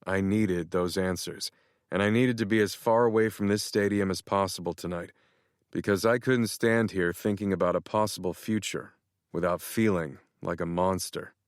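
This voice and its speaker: This male narrator voices an audiobook in the first person, steady and measured, his voice on the low side. Positioned near the microphone, he's recorded dry, without any room echo.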